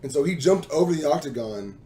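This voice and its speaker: A hoarse man telling animated anecdotes on a casual podcast, with a slightly high voice. He talks loosely, full of "like" and quick laughs. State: hoarse from screaming. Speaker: podcast co-host. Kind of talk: casual storytelling.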